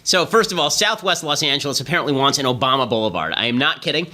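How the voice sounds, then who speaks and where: A man hosting a political podcast, delivering a rapid, sardonic commentary monologue. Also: medium pitch, lively intonation, sharp tone, a little hiss or hum. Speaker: podcast host.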